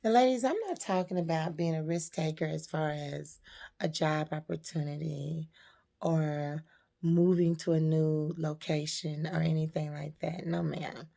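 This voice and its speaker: Woman storyteller, slow and gravelly, emphatic life advice. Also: lowish voice, a little mellow. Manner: slow, emphatic, preaching to women. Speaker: storyteller and motivational speaker. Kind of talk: spoken parable and life advice.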